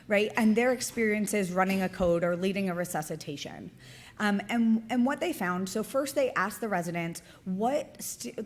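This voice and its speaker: A woman presenting at a conference, her voice sitting a little low for a woman. She talks through her slides in a loose, conversational way, tossing in "right?" and "like" as she goes. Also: a little mellow. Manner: conversational, frequent "right?" and "like" fillers. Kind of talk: academic conference talk.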